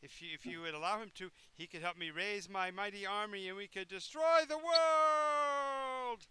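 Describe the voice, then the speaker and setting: A man's voice: high voice, normal speed, pushed and bright, clean tone, no echo, pitched above the performer's own voice. A man voicing a grandiose, scheming undead lich who swings between villainous boasts and sheepish apologies. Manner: melodramatic villain proclamations, then sheepish backpedaling.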